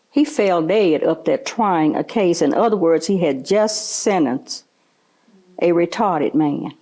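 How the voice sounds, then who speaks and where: Low, gravelly older woman recalling. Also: a little mellow. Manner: earnest, repeats short affirmations. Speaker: oral history interviewee. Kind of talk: oral history interview recollection.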